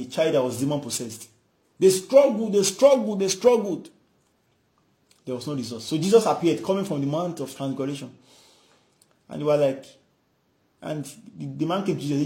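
A man's voice: a little high, darkish tone, echoey room. A man preaching a fervent sermon, repeating phrases and acting out the voices in scripture stories. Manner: fervent, repetitive, acts out dialogue.

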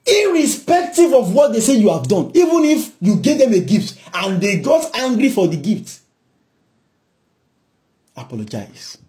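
A man with a Nigerian accent preaching a sermon, exhorting and shifting between loud and hushed. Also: high voice.

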